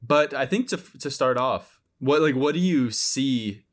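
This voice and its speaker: A man co-hosting a casual podcast, laughing easily and pausing on ums and restarts. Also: mid-range voice, lively intonation. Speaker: podcast co-host.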